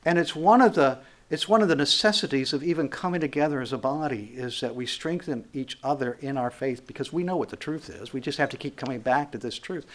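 A man's voice: medium pitch, brisk, hardly any pauses. A man, a pastor, preaching a conversational sermon, acting out quotes and building to emphatic, raised passages.

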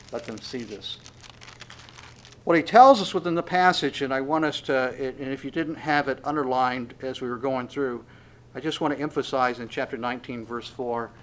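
A man preaching an expository sermon, reading scripture verses and pressing them home emphatically, rising loud on the quotes. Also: fairly high pitch.

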